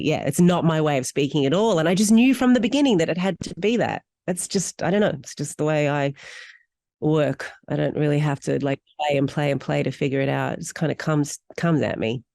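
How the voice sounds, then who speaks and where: Australian woman, middle-aged, animated and candid, lowish pitch, dry close sound. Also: brisk, vocal fry, dry recording. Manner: animated, candid storytelling with wide pitch swings. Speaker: actor guest. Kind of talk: interview conversation.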